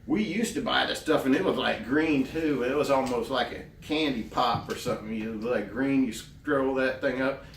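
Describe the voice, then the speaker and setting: A man playing a naive, earnest grown man who rambles slowly through a voicemail in deadpan comedy, recorded at a distance in a roomy space. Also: mid-range voice, creaky, slight background noise, natural voice. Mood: earnest rambling. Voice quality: rambling, meandering, slow and earnest. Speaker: comedy character leaving a voicemail. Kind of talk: deadpan character comedy monologue. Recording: roomy, distant mic, faint ambience.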